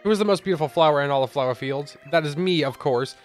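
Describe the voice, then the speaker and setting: A man's voice: on the high side, fast, soft background music, lightly acted. A man voicing a vain, selfish female rose flower in a preening, haughty tone while reading game dialogue.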